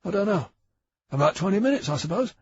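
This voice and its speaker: A man voicing a slow-witted young male police officer who answers in a high, protesting, bewildered way. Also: big pitch swings, darkish tone, slight background noise. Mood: defensive. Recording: dry, dull audiobook recording.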